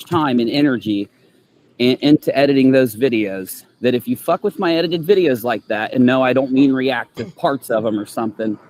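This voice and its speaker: A man's voice: mid-range voice, lively intonation, normal speed, a little mellow, a little hiss or hum, low-quality recording. A man with an Ohio River Valley accent ranting in a clip, blunt, profane and threatening. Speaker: YouTuber in a played clip.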